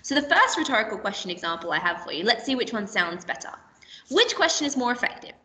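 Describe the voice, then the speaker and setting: Bright-voiced teacher in an echoey room. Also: female voice, on the high side, sing-song, quick pace, far from the mic. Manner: clear, patient explaining with playful example voices. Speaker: primary school teacher. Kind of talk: recorded remote literacy lesson. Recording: echoey room, voice a bit off-mic.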